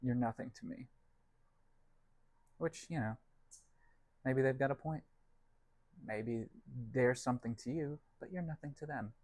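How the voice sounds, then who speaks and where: Baking at home, a young vlog host chats casually to his camera and cats, wry and self-mocking. His mid-range voice is a little mellow and a little slow, with long pauses and no room sound.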